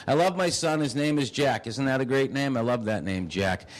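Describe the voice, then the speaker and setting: A man telling rambling, rapid stand-up stories as a guest comedian. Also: mid-range voice, poor audio.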